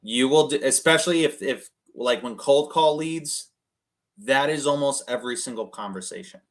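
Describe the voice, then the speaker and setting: A real estate investor coaches cold callers over a video call, speaking in a chatty, energetic way full of fillers and restarts. He acts out phone calls, shifting his tone to match the other people. His voice is mid-range at a normal speed.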